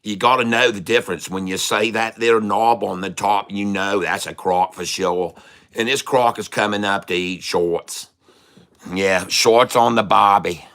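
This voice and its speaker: A man voicing a brash, excitable old Australian wildlife expert with a put-on Australian accent, rambling and laughing often. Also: fairly low pitch, a little slow. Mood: boisterous. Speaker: day-trading streamer.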